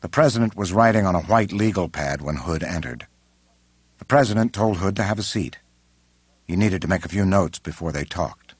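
Deep husky male audiobook narrator. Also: dry recording. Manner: measured, unhurried. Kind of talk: scripted narration.

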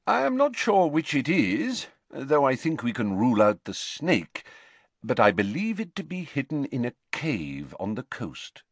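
A man reading aloud and voicing a calm, grave elderly wizard headmaster in a quiet, measured way. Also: mid-range voice, slightly rough, dry recording, pitched above the performer's own voice, heavily acted.

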